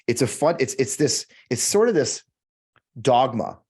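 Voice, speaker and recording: With a mid-range, sing-song, darkish and husky voice, an American man unhurriedly hosts his podcast, launching into a heated political monologue. He swears a lot, repeats lines for emphasis and climbs through emphatic, preacherly build-ups.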